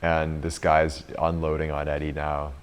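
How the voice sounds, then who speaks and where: A man's voice: extremely low pitch, monotone, a little slow, clear, resonant tone. A man in his thirties leading a retreat group, telling a story in a chatty way and laughing often. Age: 30s. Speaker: retreat leader and coach.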